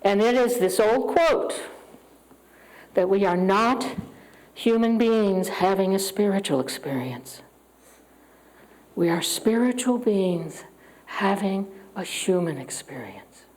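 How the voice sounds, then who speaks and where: A woman speaking to a church congregation, giving an earnest, openly emotional spiritual talk and leading a prayer, with long pauses. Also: medium pitch, a little mellow, rough recording. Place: church sanctuary with live audience. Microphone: handheld microphone.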